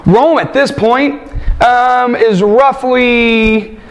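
A man's voice: very high-pitched, very slow. A man teaching a Bible class, asking rhetorical questions and stressing points emphatically. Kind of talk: classroom lecture.

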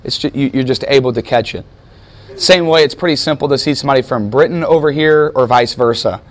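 A man's voice: mid-range voice, brisk. An American man teaching a sermon in a conversational way, asking his listeners questions and searching aloud for words. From United States. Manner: conversational, asks the audience questions. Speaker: pastor.

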